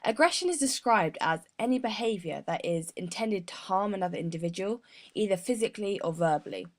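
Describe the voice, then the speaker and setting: A woman's voice: medium pitch, expressive, brisk. A young woman as a sports psychologist guest, giving an earnest prepared explanation with frequent mid-word restarts. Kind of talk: prepared explanation in a mock interview.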